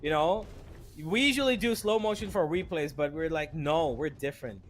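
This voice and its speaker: Excitable young male esports caster. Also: fairly high pitch, moderate pace, slight background noise. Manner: excitable, jokey, bursts of disbelief. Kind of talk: live esports commentary.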